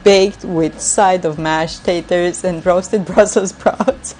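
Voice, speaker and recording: Slow-talking woman streaming while cooking. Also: fairly low pitch, fairly even intonation, a little mellow, a little hiss or hum. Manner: chatty, laughs often while reading chat. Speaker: live streamer. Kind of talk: casual cooking livestream chat. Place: home kitchen.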